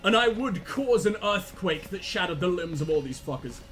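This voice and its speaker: A man commentating on his own video game play, loud, sweary and self-mocking, breaking into panicked yells during fights. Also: high-pitched, animated, normal speed, faint music behind. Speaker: gaming channel host.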